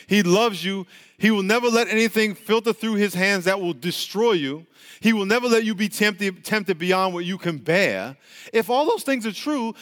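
A man's voice: high-pitched, fairly bright tone, big-room sound. A man preaching a sermon, telling stories and calling out to his congregation. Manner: storytelling with call-and-response to the congregation. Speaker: pastor.

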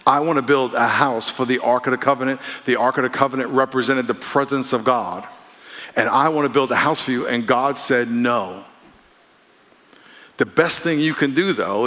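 A man's voice: medium pitch, normal speed, bright, forceful tone. Man preaching in an echoing hall. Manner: conversational, playful call-and-response with congregation. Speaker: pastor. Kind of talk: sermon. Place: church sanctuary. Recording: long hall reverb.

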